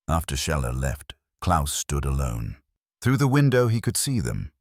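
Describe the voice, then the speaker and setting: Male narrator, scripted, grave, dramatic, very deep, dry. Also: wildly swooping pitch, normal speed, no room sound.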